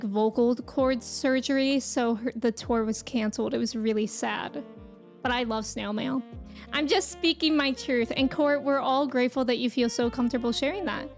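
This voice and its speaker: A young woman streaming live, chatting casually with viewers, giggling often and reading their comments aloud. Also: a little high.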